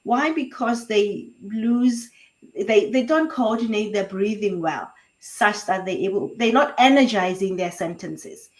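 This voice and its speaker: A woman's voice: mid-range voice, lively intonation, unhurried, low-quality recording. A woman whose first language is Sepedi, explaining voice coaching in an online interview with frequent restarts. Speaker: voice coach guest.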